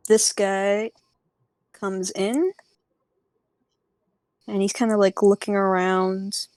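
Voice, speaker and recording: A woman's voice: mid-range voice, level tone, slow, a little mellow, dry recording. A woman narrating as game master of a tabletop game, hesitant and full of fillers.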